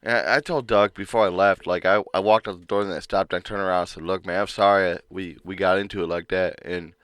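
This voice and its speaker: A man co-hosting a casual podcast, telling a workplace story with lots of swearing and acting out a coworker's yelling. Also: low voice, steady tone, fast, no echo, studio quality. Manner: swears freely. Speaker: podcast co-host.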